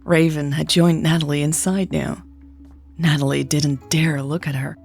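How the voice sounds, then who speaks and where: A woman who hosts a podcast, reading a romance story aloud in a calm, even way. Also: low-pitched, unhurried, gravelly, soft background music. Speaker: podcast host and narrator.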